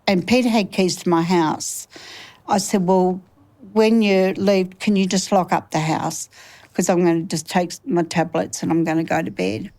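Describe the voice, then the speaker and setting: A woman in her sixties recounting a traumatic night in an interview, halting and reliving the events as she quotes what others said. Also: fairly low pitch, steady tone, darkish tone, poor audio. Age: 60s. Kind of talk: recounting a personal ordeal in an interview.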